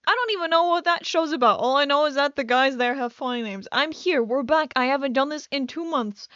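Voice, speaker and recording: A woman's voice: high-pitched, fairly quick, fairly bright tone, dry recording, highs cut off. A young woman rambling through casual gameplay commentary, scatterbrained and self-mocking, with a headache. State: has a headache. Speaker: gaming YouTuber.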